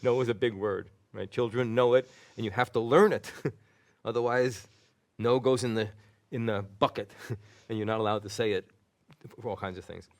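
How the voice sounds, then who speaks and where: A man's voice: medium pitch, normal speed. A middle-aged man, a psychotherapist, telling a story in conversation and acting out the dialogue with frequent laughter. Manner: animated, acts out dialogue and laughs often. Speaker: psychotherapist guest.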